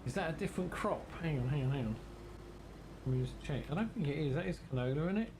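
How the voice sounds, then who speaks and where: An English man streams a farming game and chats away to his viewers, his voice altered by a filter that sits a touch higher than usual. A steady background hiss runs under the home recording, and he talks to himself while he works. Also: fast. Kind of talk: casual gaming commentary.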